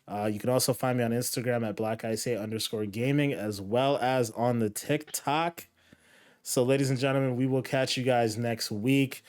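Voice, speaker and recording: A man hosting a gaming podcast in casual chat, relaxed and rambling with filler words. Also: medium pitch, normal speed. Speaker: podcast host.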